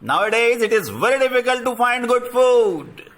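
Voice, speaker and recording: A man reading the lines of a farm cow worried about finding good food, in a slow, plain reading voice. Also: extremely high pitch, sing-song, fairly bright tone, exaggerated voice. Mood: complaining.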